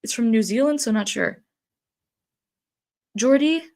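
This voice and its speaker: Her nose stuffed up, a talkative streamer reads her chat out loud and laughs frequently, her casual talk full of "um" and "like." She speaks at a measured pace in a fairly high, creaky voice with a darkish tone.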